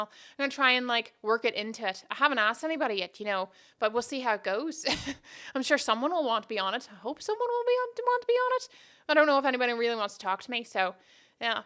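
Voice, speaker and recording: On her solo podcast, a woman chats casually, drifting into tangents and poking fun at herself. Her voice sits on the high side, bright and forceful, clear and resonant.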